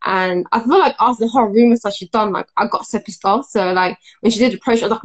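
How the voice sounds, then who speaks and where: Young woman recounting her own story; halting, filler-heavy delivery with lots of restarts. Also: mid-range voice, husky, low-quality recording. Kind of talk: casual personal storytelling.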